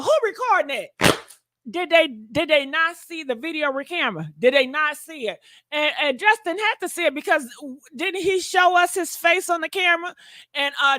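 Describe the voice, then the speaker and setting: A woman hosting a gossip channel, talking loud and sassy with plenty of profanity, calling her viewers girl and honey. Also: high-pitched, no echo, clean studio sound. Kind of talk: casual gossip commentary.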